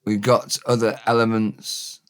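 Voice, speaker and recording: A man giving a relaxed, off-the-cuff vocabulary lesson, repeating each word for learners. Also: on the low side, a little slow, clear, resonant tone. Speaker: Welsh language teacher.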